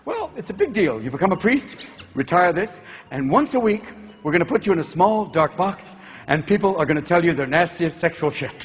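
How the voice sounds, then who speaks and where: Animated high-voiced man doing stand-up. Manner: rapid-fire, jumps into shouted character voices. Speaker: comedian. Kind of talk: stand-up comedy. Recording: long hall reverb, audible noise.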